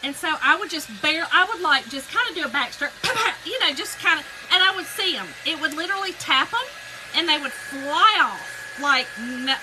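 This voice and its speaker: The livestream host, a woman with a high voice, paints and talks casually as she tells a story. She greets her viewers by name, and background noise can be heard.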